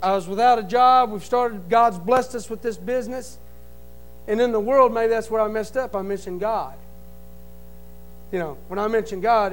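A middle-aged man giving an impassioned testimony in church, pleading and rising to shouts. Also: sits high, poor audio. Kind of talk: preaching testimony.

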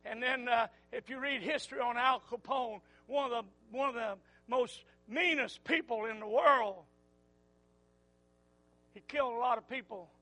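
An older man preaching a sermon, repeating his phrases and swinging from quiet murmurs to loud fervent calls. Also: extremely high pitch, normal speed, rough recording.

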